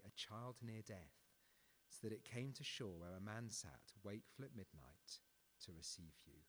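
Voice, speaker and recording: A man reading a vast, deep-voiced lion in the dark. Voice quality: large and deep. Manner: calm, solemn, unhurried. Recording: long reverberant hall.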